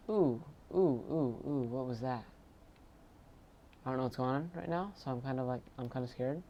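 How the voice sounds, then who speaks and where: A man casually commentating his own video game play, chatty and bursting into excited shouts. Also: mid-range voice, normal speed, lo-fi sound, a little hiss or hum. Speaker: gaming channel host.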